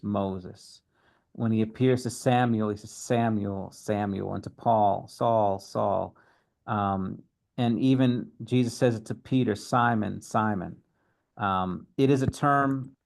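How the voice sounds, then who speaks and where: A man leading a Bible study group, teaching in a casual, thoughtful way with halting phrasing and many fillers. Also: medium pitch, a little mellow.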